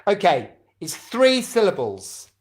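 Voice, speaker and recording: A man's voice: sits high, huge pitch swings, takes it slowly. A man leading a drama club over a video call, chatty and encouraging as he fumbles with the setup.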